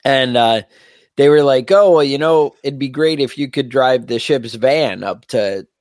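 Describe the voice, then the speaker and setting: A man's voice: medium pitch, unhurried, dry recording, clean studio sound. A man co-hosting a podcast, telling a rowdy, profane story in casual chat. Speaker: podcast co-host.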